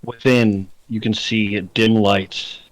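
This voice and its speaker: Man, dungeon master voice, slow and deliberate scene-setting, dead-dry home mic. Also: on the low side, little pitch movement, dry recording, rough recording. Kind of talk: narrating a tabletop game.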